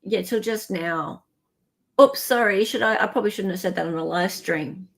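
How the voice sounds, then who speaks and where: A woman with an Australian accent hosting a casual live stream, chatting and joking with quick asides. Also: mid-range voice, creaky, a bit bright. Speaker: livestream host.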